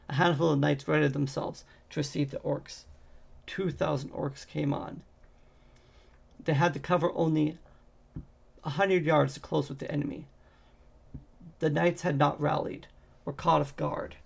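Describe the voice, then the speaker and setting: Man narrating a fantasy novel aloud. Heavy gravel, husky tone, flat delivery, stumbles and restarts often. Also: fairly high pitch. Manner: reads with frequent slips and restarts. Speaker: audiobook reader. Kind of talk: amateur novel reading.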